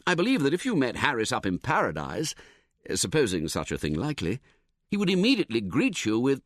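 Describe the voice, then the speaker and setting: A man narrating a comic novel as an audiobook, in a wry, expressive, theatrical manner. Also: medium pitch, brisk, no echo, studio quality.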